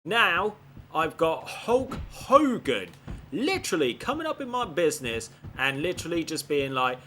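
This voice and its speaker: A man narrating his video game playthrough with animated, foul-mouthed commentary. His voice sits a little high and bright, and he talks at an unhurried pace. Faint background noise sits under the voice. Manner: animated, swears often, frustrated outbursts.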